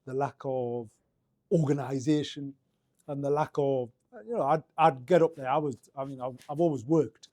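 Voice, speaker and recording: A man's voice: mid-range voice, fairly even intonation, moderate pace, warm tone, no echo, clean studio sound. A middle-aged man with a Geordie accent, telling his story in a casual interview, rambling with many restarts and fillers. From Northeast England. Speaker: guest.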